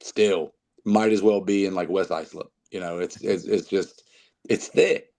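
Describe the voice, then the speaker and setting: A man's voice: deep voice, fairly even intonation, measured pace, a little mellow. A man with a North Carolina Southern accent, chatting as a podcast guest and rambling with many fillers and restarts. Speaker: guest musician. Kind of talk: casual podcast chat.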